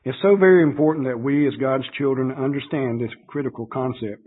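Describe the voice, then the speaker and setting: Earnest preacher on a tinny line. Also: male voice, medium pitch, fairly quick, hardly any pauses, breathy edge. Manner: earnest, reads scripture aloud and comments with fillers. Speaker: pastor. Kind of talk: sermon. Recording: tinny phone-like radio broadcast.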